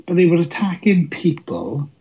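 A man's voice: fairly high pitch, very animated, moderate pace, mellow, breathy edge. A man co-hosting a podcast, chatting in a rambling, hesitant way with many restarts, recorded with dull lo-fi sound. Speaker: podcast co-host. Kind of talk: casual review chat.

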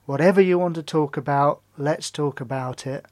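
Male co-host, wry and upbeat, a bit high-pitched. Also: moderate pace. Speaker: podcast co-host. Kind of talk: casual chat.

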